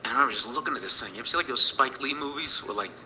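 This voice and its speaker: A man's voice: mid-range voice, racing, bright, forceful tone, slight background noise, poor audio. A man in his thirties telling a personal story in a rambling, profane way, full of fillers.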